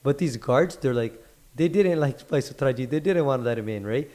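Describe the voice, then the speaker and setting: A man casually retelling a religious story to listeners, animated, repeating words for emphasis and checking in with "right?". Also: mid-range voice, a little fast. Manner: animated, leans on repetition for emphasis.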